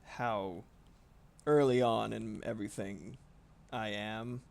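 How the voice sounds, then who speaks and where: A man's voice: fairly low pitch, fairly even intonation, slow pace, vocal fry, darkish tone. A man streaming casually while drawing, rambling and swearing freely with frequent laughs.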